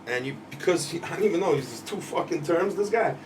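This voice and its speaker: A man's voice: fairly high pitch, expressive, fast. A man, a podcast co-host ranting heatedly in casual profane chat, often laughing. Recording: distant mic, faint background noise.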